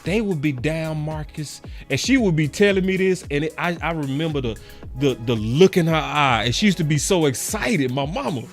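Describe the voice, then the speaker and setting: High-pitched, animated man fan ranting. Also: moderate pace, faint music behind. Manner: emphatic, repetitive, preachy. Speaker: sports fan commentator. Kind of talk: passionate fan rant to camera.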